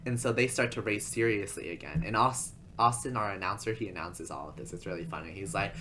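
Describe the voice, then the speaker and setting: A man's voice: sits low, fast talker, hardly any pauses, bright, forceful tone, slight background noise. Chatty man rambling through a recap. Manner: rambling and chatty, lots of fillers and asides. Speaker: video essay host. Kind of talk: casual video essay narration.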